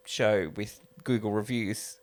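A man's voice: on the low side, steady tone, slow pace. A man co-hosting a casual film review podcast, chatty and often hesitant as he restarts his sentences. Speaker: podcast co-host.

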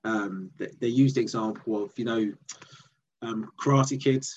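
A man's voice: on the low side, measured pace, slight background noise. A man with an Essex accent, a comedian telling a story in an interview and acting out the voices of people he quotes. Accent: Essex English. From England. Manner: animated, acts out quoted voices. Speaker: guest comedian. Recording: dull lo-fi sound.

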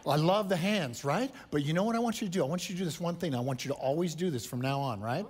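A man's voice: fairly high pitch, expressive, fast talker, a little mellow, husky. A man coaching a speaker with emphatic, punchy feedback, often checking in with "right?". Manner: emphatic, punchy, repeats "right?" and "you understand?". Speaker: speaking coach judging a contestant.

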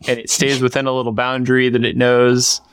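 A man's voice: medium pitch, little pitch movement, fairly quick, a bit bright, smooth, no echo. A man co-hosting a podcast in casual chat, rambling with lots of fillers and restarts. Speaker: podcast co-host. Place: workshop.

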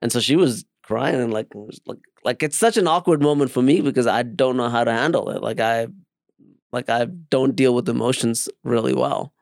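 A man's voice: medium pitch, normal speed, creaky, a little mellow, dry recording, studio quality. A man in his thirties chatting casually, candid and awkward, with many fillers. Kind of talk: casual chat.

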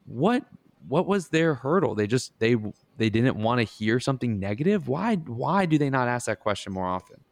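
A man's voice: medium pitch, sing-song, normal speed, no echo. A man hosting an interview, asking probing questions. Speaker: interviewer host.

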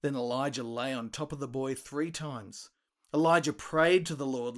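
A man retelling a Bible story for children, lively and expressive, acting out the quoted lines. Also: normal speed. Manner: animated, acts out quoted voices with big pitch jumps.

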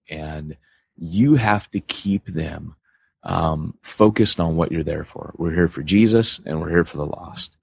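A man's voice: low voice, gravelly, slightly rough, dry recording, highs cut off. An American man co-hosting a church planting podcast, talking casually and joking as he explains his point. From United States. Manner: animated, joking, restarts a lot.

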